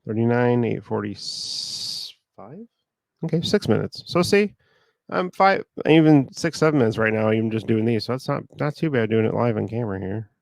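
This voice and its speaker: A man with a sore throat talking in a monotone, rambling casually while he works through online listings. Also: mid-range voice, moderate pace, vocal fry, no echo. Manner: rambling, talks while working on a computer. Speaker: online reseller. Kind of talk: casual talk while working.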